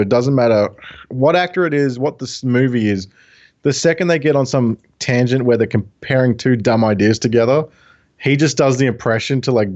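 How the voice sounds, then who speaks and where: A man talking as a guest in a casual chat, relaxed and explanatory, with many fillers. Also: medium pitch, highs cut off. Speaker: guest, video creator.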